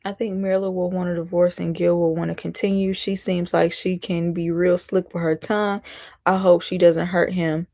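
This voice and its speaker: Chatting with viewers during her casual reality-show live stream, this host reacts to comments and mimics people mockingly. Her voice is fairly low and warm with a flat delivery and moderate pace, in clean studio sound without echo.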